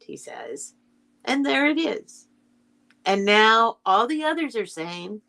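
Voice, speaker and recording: A woman's voice: a little high, expressive, slow pace, creaky, pushed and bright. A woman hosting a casual live stream, reading a children's book aloud and chatting with her viewers in a rambling, sentimental way. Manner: sentimental, gets emotional over the text.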